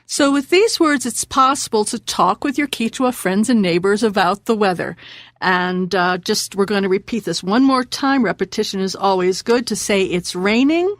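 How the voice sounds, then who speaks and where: A woman hosting a radio language lesson, patiently slowing down and repeating words. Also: medium pitch, no echo, studio quality.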